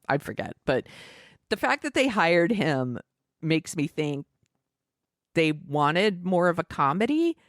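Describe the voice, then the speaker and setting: A woman's voice: deep voice, no room sound, studio quality. A woman co-hosting a podcast in casual chat, talking freely, laughing often and acting out quotes. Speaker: podcast co-host.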